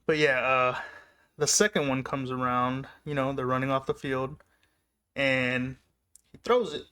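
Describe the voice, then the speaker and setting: A young man casually telling personal stories in a rambling way, laughing often and getting excited as he recalls them. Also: mid-range voice, unhurried, clear, resonant tone. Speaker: vlogger. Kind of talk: casual storytelling.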